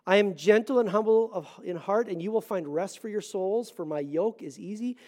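A middle-aged male pastor preaching a sermon, earnest, swinging between loud emphatic lines and hushed asides. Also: sits high, normal speed.

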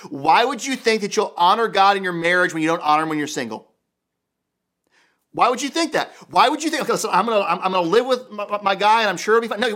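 High-voiced emphatic male pastor. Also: a bit bright. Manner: emphatic, repeats key phrases, acts out quoted voices. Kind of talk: sermon.

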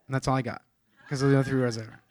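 A man's voice: mid-range voice, little pitch movement, very fast, a little mellow. A man preaching a sermon in a casual, conversational way, with frequent restarts and self-deprecating asides. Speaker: pastor.

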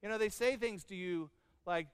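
A middle-aged man delivers a sermon in a high, smooth, resonant voice, mixing humor into his stories and playing out each quoted line. His voice sits close and dry on the mic while a long reverb hangs in the hall behind it. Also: moderate pace. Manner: storytelling with humor and acted-out quotes. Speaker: pastor.

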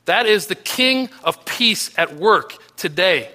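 Pastor mid-sermon, man, high and very bright voice, earnest, with soft low drops on key lines. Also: expressive, takes it slowly. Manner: earnest preaching with restarts, voice dropping low and soft on key phrases.

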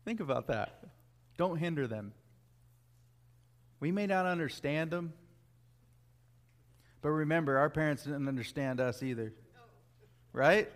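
A man's voice: on the high side, measured pace, long pauses. Earnest man preaching a sermon. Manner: earnest, emphatic preaching with repeated phrases.

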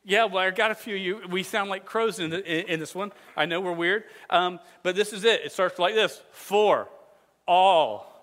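Playful, energetic pastor on a slightly high voice, leading a call-and-response sermon in a hall with a long echo. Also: male voice, a little fast, hardly any pauses. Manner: jokey, energetic, leads the crowd in call-and-response. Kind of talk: playful sermon teaching memory verses with hand motions.

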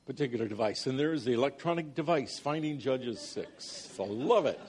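A man's voice: mid-range voice, expressive, a little fast, darkish tone, breathy edge. A man preaching a sermon, reading scripture aloud dramatically and breaking off for jokey, conversational asides to the congregation. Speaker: pastor.

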